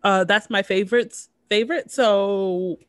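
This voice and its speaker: A woman co-hosting a podcast in casual chat, relaxed and agreeable with dry jokes. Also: mid-range voice, a little slow, clean tone. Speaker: podcast co-host.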